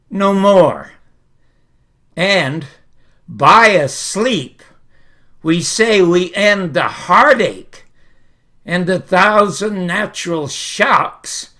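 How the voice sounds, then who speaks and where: A man performing a brooding young prince's soliloquy, declaiming it slowly and forcefully to the camera as a theatrical recitation. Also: high voice, heavily acted. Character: brooding young male prince weighing life and death.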